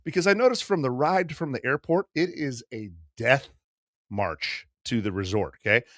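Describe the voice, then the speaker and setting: A man's voice: mid-range voice, lively intonation, moderate pace, fairly bright tone, no echo, clean studio sound. A man in his fifties telling a long, profane story in casual podcast chat, slipping into the voices of the people he quotes. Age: 50s. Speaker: podcast host.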